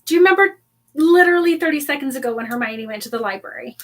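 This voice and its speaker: A high-pitched woman co-hosts a live podcast, recapping a book chapter in relaxed chat. She is animated, laughs often, and slips into quick impressions of the characters as she goes. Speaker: podcast co-host.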